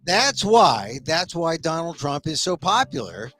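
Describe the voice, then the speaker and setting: A man's voice: on the high side, very animated, pushed and bright. A man hosting a talk show, chatting casually and agreeably with a guest. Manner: conversational, agreeable, frequent quick affirmations. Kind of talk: casual chat.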